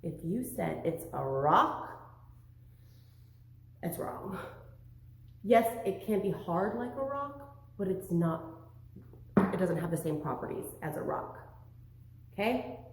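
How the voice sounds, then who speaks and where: Female teacher, young-kids lesson; slow, animated delivery with lively pitch, recorded in a very echoey room. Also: slight background noise. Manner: sing-song, animated, questioning. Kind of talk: online lesson for young children.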